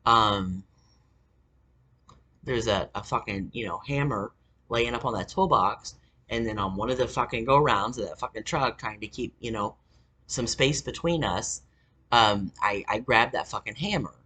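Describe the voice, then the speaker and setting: A man's voice: mid-range voice, a little slow, pushed and bright, slight background noise. A man telling a story in a rambling, casual way, full of fillers, restarts and swearing.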